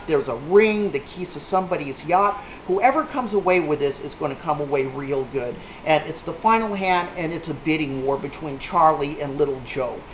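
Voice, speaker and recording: A man's voice: fairly high pitch, slight background noise. A man telling a rambling, salty anecdote to a small group, with a punchline-driven delivery. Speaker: storyteller. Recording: echoey room on a tinny lo-fi line.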